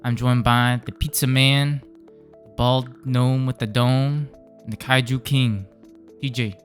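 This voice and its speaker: A man's voice: medium pitch, fairly even intonation, takes it slowly, soft background music. Chatty man hosting card game commentary. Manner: upbeat, chatty, laughs easily. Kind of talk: casual match commentary intro.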